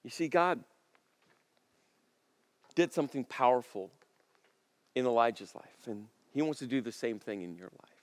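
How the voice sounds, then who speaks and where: A man preaching a sermon as pastor, talking conversationally and building to emphatic, forceful peaks. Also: medium pitch. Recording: long reverb of a large hall.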